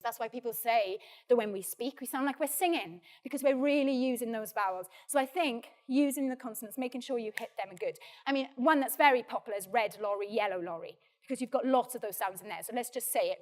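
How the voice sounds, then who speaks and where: Welsh woman drama coach, bright and encouraging, slightly high voice, demonstrating exercises to a group. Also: fast, hardly any pauses. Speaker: actor leading a drama workshop. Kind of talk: practical teaching, giving instructions.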